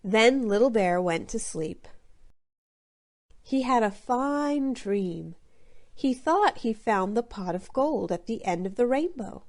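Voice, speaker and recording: Slow, clear woman narrating a storybook. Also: fairly high pitch, expressive, darkish tone. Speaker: audiobook narrator.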